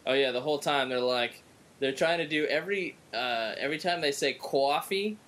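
A man from Southern California hosting a podcast in casual chat, rambling and halting with many restarts. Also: a little high, fairly bright tone. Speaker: podcast host.

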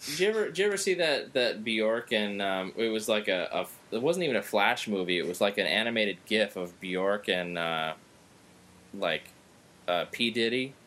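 Podcast host, male, lowish voice, rambling casual chatter, faint rumble underneath. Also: expressive, a bit bright. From Southern California. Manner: rambling, halting with many restarts. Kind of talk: casual chat.

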